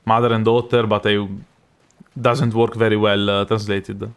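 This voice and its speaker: Clear and resonant, this young Italian man's fairly low voice stays flat in pitch at a moderate pace, his Italian accent strong. Streaming a live game, he chats loosely with his audience, rambling and frequently correcting himself mid-sentence.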